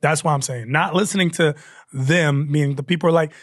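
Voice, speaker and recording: Man, comedian guest, casual storytelling, animated, fairly high voice, dry sound. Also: dry recording. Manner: animated, loose, with quick asides and restarts.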